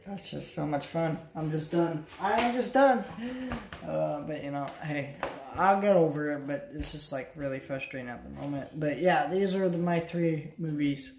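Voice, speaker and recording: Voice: mid-range voice, moderate pace, gravelly, few pauses, darkish tone, slight background noise. Tired young vlogger rambling in a roomy room. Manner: rambling, self-mocking, with frequent restarts. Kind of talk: casual late-night vlog. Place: at home, by a couch.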